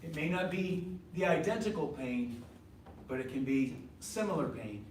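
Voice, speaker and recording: A man's voice: fairly high pitch, expressive, moderate pace. Male ministry teacher, conversational class talk; heavy room echo, faint background noise. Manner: conversational, repeats points, asks the class questions. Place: meeting room with a group. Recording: very echoey room from far off.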